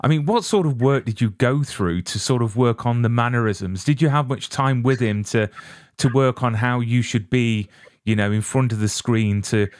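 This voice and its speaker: A man's voice: medium pitch, normal speed, dry recording. Chatty British male interviewer, dry sound. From Britain. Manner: chatty, self-deprecating. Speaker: interview host. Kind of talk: casual interview.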